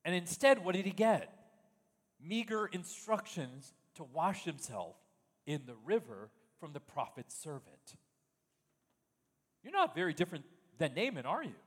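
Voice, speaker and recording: Emphatic preacher guy, high lively voice, big echo. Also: a little slow, breathy edge. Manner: animated, emphatic, rhetorical questions. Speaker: pastor. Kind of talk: sermon.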